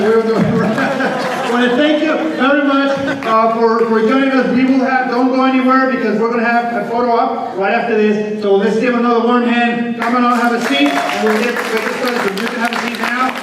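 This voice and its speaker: A man hosting a rally, making casual announcements and directing the crowd. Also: very high-pitched. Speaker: event host. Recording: echoey room from far off, crowd.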